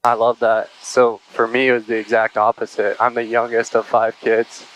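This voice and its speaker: Flat-toned man hosting a chat. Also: mid-range voice, normal speed, rough recording. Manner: even-toned, brief affirming replies. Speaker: podcast host. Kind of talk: casual interview chat.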